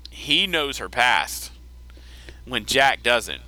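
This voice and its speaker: A man's voice: medium pitch, big pitch swings, very slow, bright, forceful tone, no echo, low-quality recording. A man hosting a podcast, casually recapping a TV episode, chatty, restarting sentences and laughing often. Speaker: podcast host.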